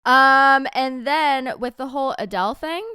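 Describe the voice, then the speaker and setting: A woman co-hosting a casual chat podcast, talking fast with quick asides and frequent laughs. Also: medium pitch, animated, fairly bright tone, clear, resonant tone, dry recording, studio quality. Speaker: podcast co-host.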